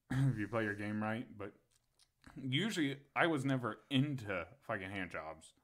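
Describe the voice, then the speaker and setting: Young male podcast co-host: lively, bright voice, crude and animated storyteller. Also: fairly low pitch, measured pace. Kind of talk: casual storytelling chat.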